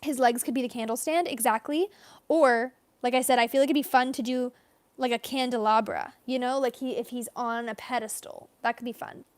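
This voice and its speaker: During a live drawing session, a young woman talks casually with viewers, rambling and reading their comments out loud. She speaks fairly quickly in a fairly high voice with fairly even intonation, and the recording is dry.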